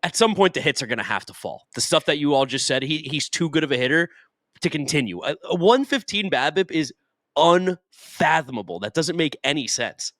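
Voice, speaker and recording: A young man, co-hosting a podcast and reacting with animated emphasis. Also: fairly high pitch, brisk, no room sound. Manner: animated, swings between emphatic and dry. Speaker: podcast co-host. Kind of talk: casual sports talk.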